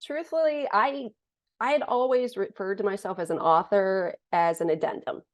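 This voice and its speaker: Upbeat joking woman author. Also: lowish voice. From United States. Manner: upbeat, joking, self-deprecating. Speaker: thriller author and interview guest. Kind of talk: casual interview answers.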